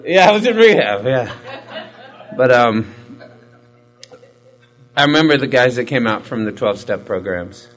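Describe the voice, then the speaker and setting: A man's voice: mid-range voice, expressive, unhurried, long pauses, a bit bright, rough recording. A man giving a candid, profane personal testimony in a rambling, self-mocking way, full of fillers. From Hispanic military family background. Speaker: recovery storyteller.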